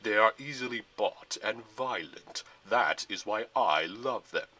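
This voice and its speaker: A man's voice: fairly low pitch, lively intonation, measured pace, sharp tone, heavily acted. A man voicing a tall, commanding, short-tempered general who growls and roars orders, in a storybook-style Lego fan film. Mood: scheming.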